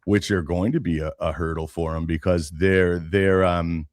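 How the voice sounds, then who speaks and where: A man co-hosting a political chat, measured and thinking aloud with frequent restarts. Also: low-pitched, fairly even intonation, no room sound, studio quality. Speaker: podcast co-host.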